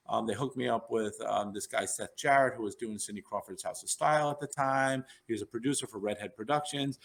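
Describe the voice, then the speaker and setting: A man in his fifties rambles through his anecdotes, full of fillers and restarts. His voice sits at an ordinary pitch for a man, and he tells his stories in a casual way. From New York. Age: 50s. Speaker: podcast guest, neurologist. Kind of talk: casual storytelling interview.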